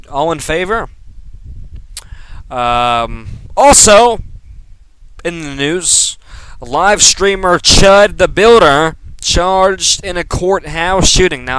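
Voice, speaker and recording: Young male podcast host, sarcastic and rambling, slow delivery, clean voice. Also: on the high side, a bit bright, clean tone, dry recording, low-quality recording. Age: young adult. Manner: rambling and sarcastic, many ums and restarts. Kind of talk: casual news commentary monologue.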